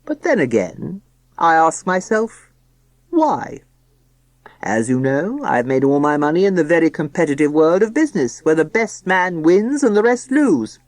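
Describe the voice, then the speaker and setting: Pompous wealthy old dad voiced by a woman in an audiobook, slow and solemn, lively swings in pitch, dry close sound. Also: no room sound. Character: pompous rich older businessman father. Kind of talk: audiobook character voice.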